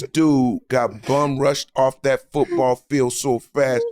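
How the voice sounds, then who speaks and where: A man who is a guest comedian, telling stories in a lively, laughing way and acting out the people in them. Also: mid-range voice, slow pace, hardly any pauses. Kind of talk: animated storytelling.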